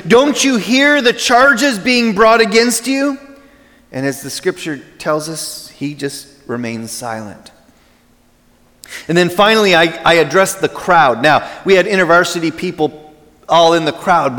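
A man's voice: on the high side, fairly bright tone. A man in his forties preaching a sermon, telling a personal story casually and then teaching steadily from scripture. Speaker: pastor. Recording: long reverb in a large hall.

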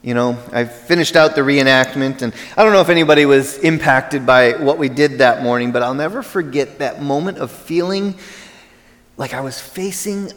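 A man's voice: medium pitch, normal speed. Man preaching in an echoing hall. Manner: conversational storytelling, then steady teaching. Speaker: pastor. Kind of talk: sermon. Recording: long reverb in a large hall.

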